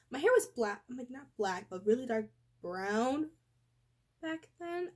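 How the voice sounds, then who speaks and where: Teenage girl, casual vlog chat, rambling with fillers, voice worn from being sick, slightly high pitch. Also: expressive, a little slow. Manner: rambling, restarts, lots of fillers. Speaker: vlogger.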